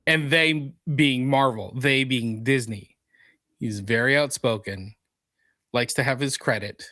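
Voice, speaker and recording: A man's voice: medium pitch, measured pace, pushed and bright, dry recording. A man co-hosting a geek culture podcast, chatting casually and reading news items aloud. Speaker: podcast co-host. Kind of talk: casual chat.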